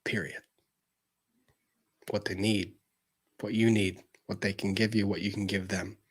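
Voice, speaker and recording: A man hosting a show, delivering a heated, profane rant that swings between loud outbursts and low, intense repetition. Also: flat delivery, unhurried, breathy edge. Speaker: show host. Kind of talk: ranting commentary.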